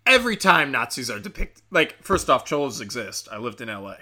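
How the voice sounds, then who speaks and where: Brief: male host, sharp bright tone, profane sarcastic rant. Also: medium pitch, very animated, fairly quick. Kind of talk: ranting commentary.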